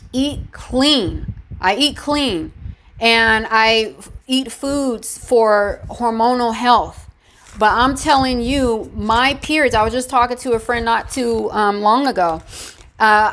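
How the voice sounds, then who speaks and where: A woman's voice: fairly high pitch, a bit bright. A woman vlogger talking casually to camera about wellness, encouraging and emphatic, repeating her points. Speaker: health vlogger.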